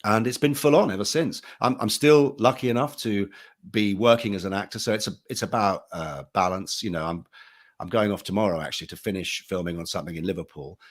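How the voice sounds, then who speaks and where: Here a panel guest, an actor and audiobook narrator, tells casual stories in a voice on the low side. He talks fairly fast, keeping it conversational and anecdotal with frequent restarts.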